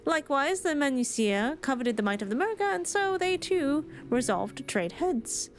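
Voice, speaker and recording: A woman's voice: sits high, lively intonation, moderate pace, faint music behind, voice pushed up. A woman voicing an island lorekeeper telling an old myth in archaic phrasing. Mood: storytelling. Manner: archaic storytelling, read aloud.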